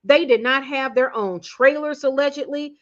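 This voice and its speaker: A woman with a high voice delivers a casual, slangy opinion rant as a channel host. She meanders through fillers and restarts, jumping between loud outbursts and low muttered asides. The recording sounds slightly muffled and lo-fi. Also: normal speed.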